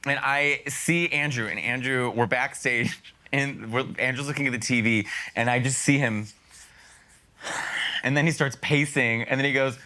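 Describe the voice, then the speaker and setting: A man, a comedian guest, telling animated stories in a casual studio chat and mimicking the people in them. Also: mid-range voice, normal speed. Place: podcast studio.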